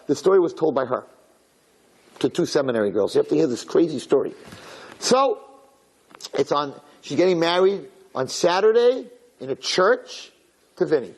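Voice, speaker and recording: A male rabbi telling a story in a sermon, animated and acting out voices, with Hebrew and Yiddish terms mixed in. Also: fairly high pitch, rough recording.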